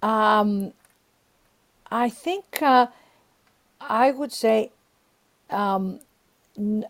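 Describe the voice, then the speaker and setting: A woman's voice: medium pitch, animated, drawn-out words, vocal fry, pauses often. A middle-aged woman, a guest author, talking earnestly about prayer in an interview and acting out the inner voices she describes. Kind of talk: warm spiritual interview talk.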